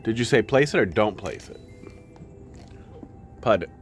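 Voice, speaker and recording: Chatty streamer man, lively voice. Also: lowish voice, measured pace, faint music behind. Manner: chatty, cooing baby talk to his pets. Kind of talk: casual live-stream chat.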